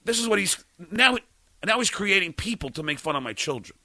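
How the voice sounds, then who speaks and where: This middle-aged man is on his podcast in a furious rant, stuttering, cursing, and sometimes shouting. He speaks fairly quickly in a high-pitched voice with lively intonation, and the recording is dry.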